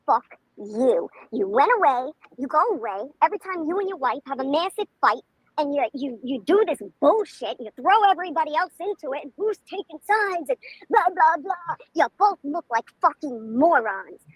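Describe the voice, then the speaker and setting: Brief: angry, profane livestream woman, twang, shrill and swooping. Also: expressive, normal speed, no room sound, low-quality recording. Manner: profane, heated, confrontational. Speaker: livestream commentator.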